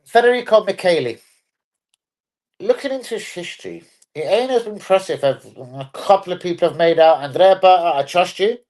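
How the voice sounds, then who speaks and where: A man's voice: sits high, moderate pace, darkish tone. A man hosting a live football stream, chatting casually, bluntly and with a lot of swearing.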